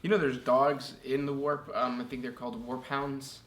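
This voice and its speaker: A man's voice: medium pitch, little pitch movement, normal speed, a bit bright. A man co-hosting a casual chat and reading out listener questions in an easygoing way with many fillers. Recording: echoey room with faint noise.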